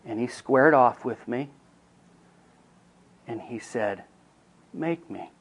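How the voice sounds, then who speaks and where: A middle-aged man teaching counselors through a personal story in a mid-pitched voice. He speaks earnestly and shifts from quiet, hushed passages to emphatic ones. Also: takes it slowly, slightly rough, poor audio.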